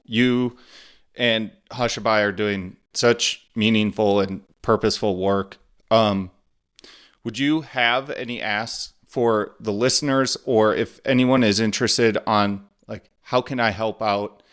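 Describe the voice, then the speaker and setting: Low smooth-voiced male host. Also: fairly even intonation, a little slow, a bit bright. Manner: supportive listener, short affirmations. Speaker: podcast host. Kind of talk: conversational interview.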